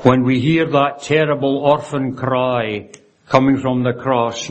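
A man's voice: mid-range voice, flat delivery, unhurried. A man preaching a sermon, earnest and reverent, quoting scripture and often closing a point with a tag question, with frequent restarts. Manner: stumbles and restarts phrases.

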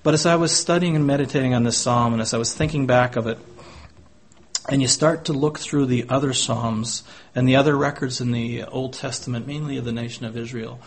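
A man preaching a sermon in earnest tones, often closing his points with tag questions and quoting scripture in old-fashioned wording. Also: medium pitch. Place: church gathering.

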